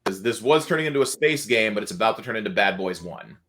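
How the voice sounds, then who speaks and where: A man runs a sci-fi tabletop session for his players, his voice on the lower side yet bright and forceful. He rambles through scene descriptions with restarts and easy chuckles. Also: lively intonation, fast. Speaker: game master. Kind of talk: running a tabletop game on a livestream.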